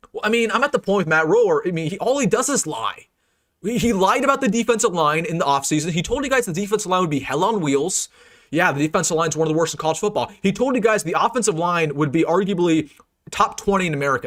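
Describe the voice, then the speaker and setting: Fast-talking young man ranting about sports. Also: high voice, expressive, fairly bright tone. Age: young adult. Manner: emphatic, repetitive, frustrated ranting. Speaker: sports fan channel host. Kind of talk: live-streamed sports reaction rant.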